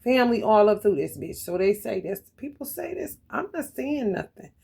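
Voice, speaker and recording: Woman tarot reader, loose profane delivery, animated, laughs often, mid-pitched voice, talks straight to camera. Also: moderate pace, gravelly, breathy edge. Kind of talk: casual profane tarot reading monologue.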